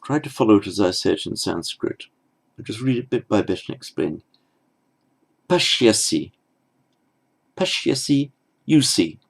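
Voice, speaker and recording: A man teaching at a very unhurried pace, his low voice gravelly with fry. He goes through the text bit by bit, stressing each foreign word slowly and clearly before he explains it. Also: expressive. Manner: slow, careful, stepwise explaining; pronounces foreign words slowly with emphasis. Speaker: Sanskrit teacher. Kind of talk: lecture.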